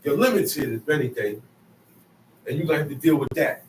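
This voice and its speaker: A man's voice: on the high side, animated, fairly quick, pauses often, slight background noise. A man teaching scripture in an emphatic, conversational way, often repeating his phrases. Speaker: bible teacher. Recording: echoey room, mic at a distance.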